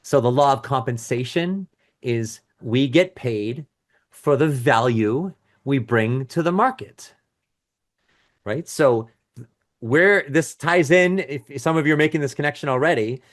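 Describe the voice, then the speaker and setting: A man's voice: medium pitch, measured pace. A middle-aged man teaching a live webinar as a business coach, talking casually with restarts and asides and reading out audience chat comments.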